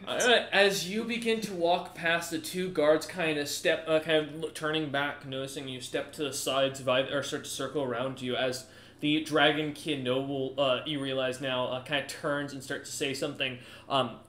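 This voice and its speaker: A man running a tabletop game as game master, narrating in a rambling style with frequent restarts. His voice sits a little high for a man. The room around him sounds echoey. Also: steady tone, normal speed, fairly bright tone, slight background noise. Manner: rambling, full of fillers and restarts.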